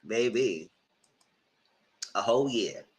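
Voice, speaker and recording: A man giving live commentary on a reality TV show, animated and cussing, mocking the people in it. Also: lowish voice, very slow, poor audio. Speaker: reality TV reviewer.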